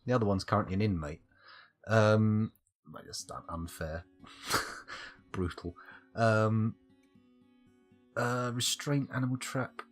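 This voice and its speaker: A man's voice: lowish voice, takes it slowly, long pauses, faint music behind. Rambling man streaming a game. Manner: rambling, talks to himself, self-mocking asides. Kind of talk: live gameplay commentary.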